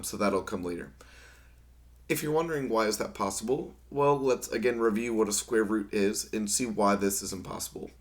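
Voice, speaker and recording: Guy doing a math lecture, a bit hoarse, lowish voice, lots of ums. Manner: relaxed, many ums, talks through steps. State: losing his voice, slightly hoarse. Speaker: math instructor. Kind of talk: recorded lecture.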